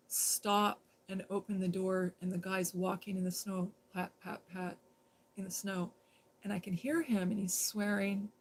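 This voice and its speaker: A woman's voice: medium pitch, low-quality recording. A woman casually telling a personal story on a live stream, rambling and conversational with lots of fillers and restarts.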